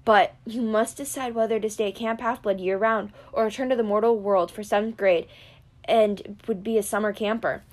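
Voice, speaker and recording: A woman reading the part of a weary, kindly old male centaur teacher in a gentle, measured, grave way. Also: medium pitch, steady tone, lightly acted. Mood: gentle firmness. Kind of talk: audiobook character reading.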